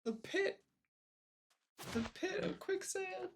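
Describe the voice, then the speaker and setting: Slow, expressive woman streamer reacting. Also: very high voice, noisy background. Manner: expressive, talks back to the screen. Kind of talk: reaction commentary.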